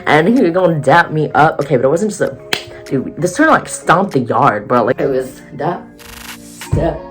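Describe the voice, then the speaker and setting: A young woman vlogging a casual storytime, excitable and giggly, acting out quoted lines in a higher voice. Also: normal speed, faint music behind.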